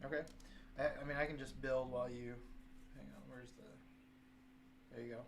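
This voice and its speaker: A man's voice: medium pitch, flat delivery, moderate pace, vocal fry, background noise. A man co-hosting a live building stream in a laid-back, joking way. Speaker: co-host. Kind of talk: casual live-stream chat.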